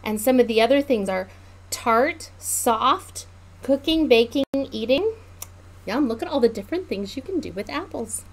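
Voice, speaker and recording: A woman children's librarian reading a picture book aloud to preschoolers in a slow, sing-song, teacherly way. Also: fairly high pitch, lively intonation.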